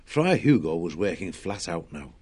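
Deep husky male narrator. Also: very animated, a little mellow. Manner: measured, storytelling. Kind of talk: audiobook narration.

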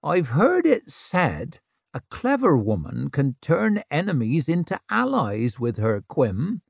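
A man voicing a blunt, dry-witted wild hill woman who mocks and lectures in rough country grammar. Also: low voice, wildly swooping pitch, slow pace, no room sound, pitched above the performer's own voice, full character voice. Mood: wry.

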